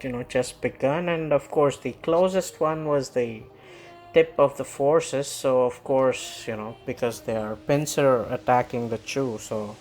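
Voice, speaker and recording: A man's voice: mid-range voice, measured pace, a little mellow. A man casually reviewing a manga chapter, rambling with lots of fillers and frequent chuckles. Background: faint background music.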